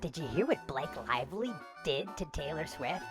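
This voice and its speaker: A woman's voice: low-pitched, very animated, moderate pace, over music. A woman voicing an impatient, gossiping cartoon bird in a comedy skit. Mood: snippy.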